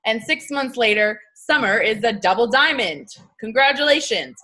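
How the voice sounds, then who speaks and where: A woman gives a motivational talk to her sales team in a bright, forceful voice. She is blunt and chatty, full of slang, and keeps acting out little scenes in quoted voices. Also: a little high, expressive, moderate pace. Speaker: network marketing team leader.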